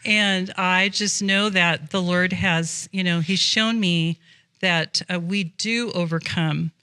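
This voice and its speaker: A woman's voice: lowish voice, fairly even intonation, slow pace, sharp tone, smooth, dry recording. Earnest rambling woman guest. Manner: earnest, rambling, many fillers. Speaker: podcast guest. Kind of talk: casual faith conversation.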